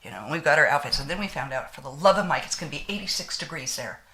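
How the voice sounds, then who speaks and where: Chatty older woman, low and bright. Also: animated, very fast. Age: 60s. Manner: chatty storyteller with frequent laughs and folksy sayings. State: slight lingering cough. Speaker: beauty vlogger. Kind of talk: casual chat while doing makeup.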